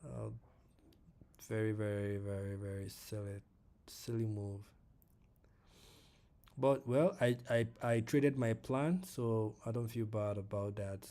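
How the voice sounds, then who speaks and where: A man's voice: fairly low pitch, slow pace, long pauses, mellow. A man commenting live on his forex trades, repeating himself and talking to viewers in the chat and to the price itself. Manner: repeats phrases, many fillers. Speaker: forex trading streamer. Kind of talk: live trading stream commentary.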